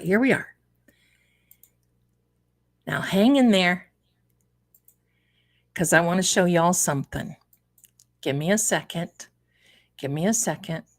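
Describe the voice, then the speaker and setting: A woman hosting a live tarot stream, chatting in a loose, exclamatory way while she fiddles with her setup. Her voice sits a little low, and she talks unhurriedly, drawing out her words. It sounds like a home computer mic. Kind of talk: casual live-stream chat.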